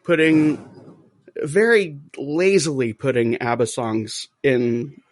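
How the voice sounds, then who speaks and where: A man's voice: medium pitch, slow pace, no echo. A man hosting a podcast in casual chat, telling a story with animation and acting out quoted voices. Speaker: podcast host.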